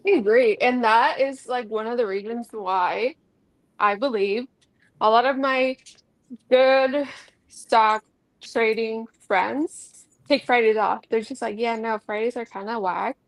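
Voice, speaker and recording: A woman joining a live trading stream, chatting in a relaxed way. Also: a little high, a little slow, dry recording, rough recording.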